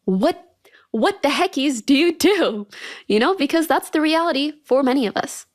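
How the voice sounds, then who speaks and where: A woman's voice: sits high, expressive, normal speed, dry recording, studio quality. A young woman in her twenties hosting a solo podcast, talking candidly and ranting a little, with frequent laughs. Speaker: podcast host.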